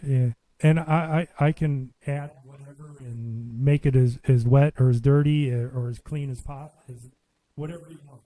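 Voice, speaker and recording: A man's voice: mid-range voice, steady tone, normal speed, warm tone, dry recording, low-quality recording. A man chatting casually, often stumbling and repeating words as he starts. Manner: stammering restarts. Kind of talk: casual chat.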